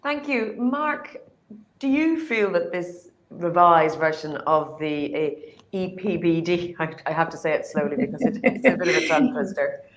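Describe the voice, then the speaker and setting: A woman's voice: fairly low pitch, normal speed. A woman moderating an online panel, friendly and lightly self-deprecating, speaking over a video call. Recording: echoey room.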